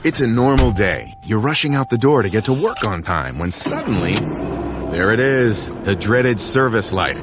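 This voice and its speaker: A man reading a car service commercial with a friendly, lively announcer delivery. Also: fairly low pitch, normal speed, heavy background noise. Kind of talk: scripted ad read. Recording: music bed under voice.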